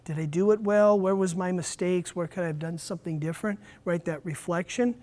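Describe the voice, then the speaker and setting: A man running a teacher training workshop, talking straight to his audience in a lively way. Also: high voice, brisk. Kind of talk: workshop lecture.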